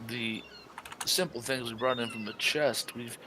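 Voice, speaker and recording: A man playing a tabletop role-playing game, talking smoothly in character with hesitant fillers. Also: medium pitch, steady tone, unhurried, background noise. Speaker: player.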